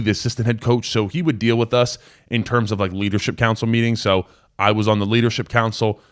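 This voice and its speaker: A man's voice: fairly low pitch, smooth. A man in his twenties, a former college football player, hosting a live call-in sports show in a loose, casual way with lots of fillers. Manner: casual, rambling storyteller with many fillers.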